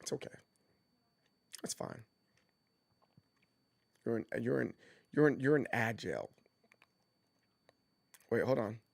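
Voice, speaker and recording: A man chatting casually on his livestream, rambling with frequent restarts and jumping into high mock voices as he tells stories. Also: animated, takes it slowly, vocal fry, long pauses, dry recording. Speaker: streamer.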